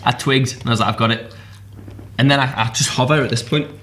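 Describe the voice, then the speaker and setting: A man's voice: mid-range voice, quick pace, roomy sound. A man hosting a casual podcast in a pub, telling stories in British English, acting out voices and swearing freely. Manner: animated storyteller, swears freely, acts out voices. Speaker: podcast host.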